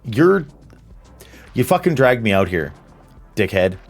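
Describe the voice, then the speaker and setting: A man's voice: on the low side, very animated, slow pace, gravelly, faint music behind, voice pushed up, exaggerated voice. A man voicing a brash, rowdy male vampire wingman with combative, swearing banter in a tabletop role-play. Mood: mock-annoyed.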